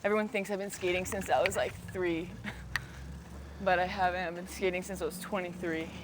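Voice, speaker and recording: A woman's voice: on the low side, steady tone, a little fast, background noise. A woman roller skater chatting casually outdoors on a street, bubbly and full of "like". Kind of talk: casual chat.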